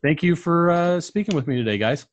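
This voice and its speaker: A man's voice: fairly high pitch, lively intonation, a little fast, slight background noise. A man hosting a podcast interview, polite and laughing along with his guests. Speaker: podcast host. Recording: dull lo-fi audio.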